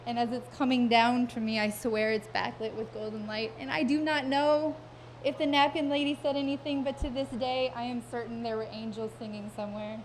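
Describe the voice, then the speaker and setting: A woman with a slightly high voice tells a comic personal story live on stage. Her delivery is wry and self-mocking, full of vivid detail and well-timed pauses, with a faint hum of room noise behind her. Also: level tone. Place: live stage event before an audience.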